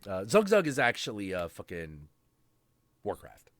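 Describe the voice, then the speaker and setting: A man hosting a live stream, chatting casually in a rambling, profane way with quick asides and chuckles. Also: fairly low pitch, wildly swooping pitch, background noise.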